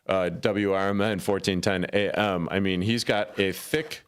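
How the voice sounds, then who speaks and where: A man's voice: sits low, fairly even intonation, unhurried, clear, resonant tone. A man co-hosting a local radio show, chatting about sports in a rambling, joking way from a studio mic. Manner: rambling, self-correcting, jokey. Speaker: radio co-host. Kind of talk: casual sports talk on radio.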